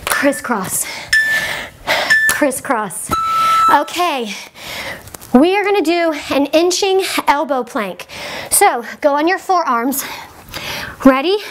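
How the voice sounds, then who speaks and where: A woman's voice: high voice, expressive, slow, pauses often, a bit bright, a little hiss or hum. A woman fitness instructor coaching a workout while doing it herself, out of breath and encouraging, with short cues and puffs of breath between exercises.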